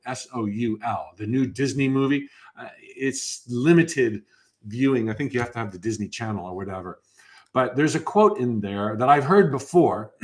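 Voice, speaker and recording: A man in his fifties hosting a live motivational workshop, upbeat and enthusiastic, often restarting his phrases. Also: mid-range voice. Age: 50s.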